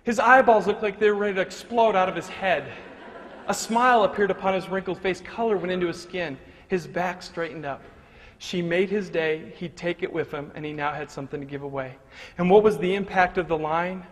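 A man giving a lively, humorous motivational talk, telling a story to a live audience in a large hall. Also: high-pitched, brisk. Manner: animated and humorous, swings between loud punchlines and hushed moments. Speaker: motivational speaker. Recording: long reverb of a large hall, faint noise.

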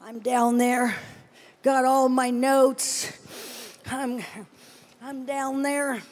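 A middle-aged woman delivers a sermon at a large live conference. Her voice sits high and she takes her time, acting out a self-mocking story with animated bursts and snatches of prayer in tongues. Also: very slow. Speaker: conference speaker.

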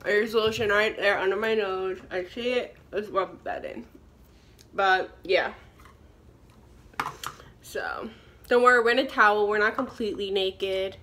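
Young woman vlogger, mid-pitched, rambling bathroom chatter full of swearing. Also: fairly even intonation, unhurried, long pauses, sharp tone, a little hiss or hum. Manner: chatty, rambling, swears a lot and laughs often. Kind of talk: casual chat. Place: bathroom, in a towel.

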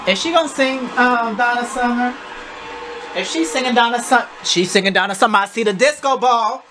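A woman's voice: on the high side, a little fast, music in the background. Sassy woman talking back at the TV. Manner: sassy, talks back to the screen. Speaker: reaction vlogger. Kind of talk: casual reaction commentary.

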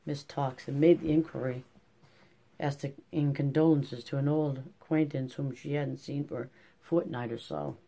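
An audiobook narrator reading a classic novel in a measured, even manner. The voice is mellow and warm, at a middling pitch. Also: creaky.

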